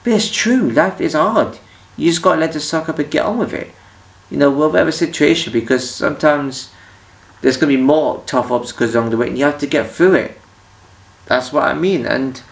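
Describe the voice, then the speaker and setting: Rambling man with a gravelly voice. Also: a little high, moderate pace, recorded from a distance. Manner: rambling, with many restarts and quoted voices. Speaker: vlogger. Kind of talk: casual opinion rant to camera. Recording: echoey room, voice a bit off-mic.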